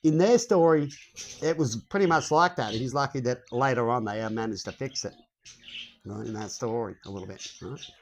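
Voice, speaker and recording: A man's voice: mid-range voice, normal speed. Guy rambling into his phone, swears, keeps asking "right?", faint noise in the background. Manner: rambling, swearing, chuckling asides, rhetorical questions. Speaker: vlogger. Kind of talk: rambling casual monologue to camera.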